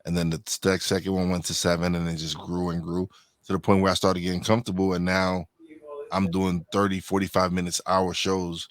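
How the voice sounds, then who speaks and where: A man with a notably deep voice hosts a podcast in an easy, chatty way. He circles back and restarts his sentences as he thinks. The sound is dry and close, with no room around it. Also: flat delivery, fairly quick, dry recording. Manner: rambling, self-correcting restarts. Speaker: podcast host. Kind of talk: casual interview chat.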